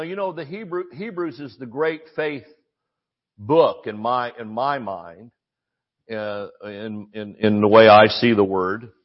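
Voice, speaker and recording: A man's voice: mid-range voice, highs cut off. An older man preaching a sermon in a folksy, rambling way, full of asides and restarts.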